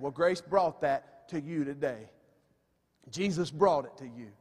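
In a reverberant church sanctuary, a pastor delivers his sermon in a high, slightly mellow, husky male voice at a measured pace. He's emphatic, with folksy asides to the congregation, and the recording has the long reverb of a church hall.

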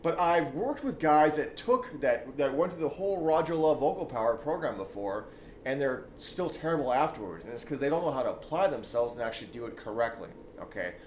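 A man coaching on dating in a casual, emphatic monologue, punctuating points with "okay?" and the odd swear. His pitch sits in an ordinary middle range. The room rings with echo, and faint background noise sits under him. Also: expressive, fairly quick, darkish tone. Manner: loose, emphatic, frequent "okay?" tags and swearing; swoops into high exaggerated demonstrations.

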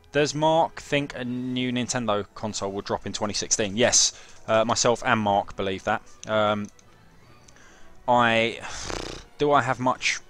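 A man's voice: medium pitch, fairly bright tone. Guy streaming a game, swears a lot, jokey with chat. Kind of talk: casual gameplay commentary.

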